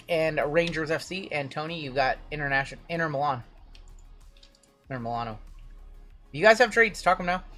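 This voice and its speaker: A man's voice: a little high, a bit bright. A man hosting a live card break stream, rattling off names and teams in a loose, chatty way with plenty of fillers.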